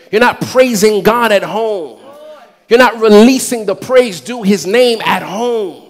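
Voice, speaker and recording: Pastor, male, high voice, preaching with call-and-response and shouted peaks. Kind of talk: sermon. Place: church.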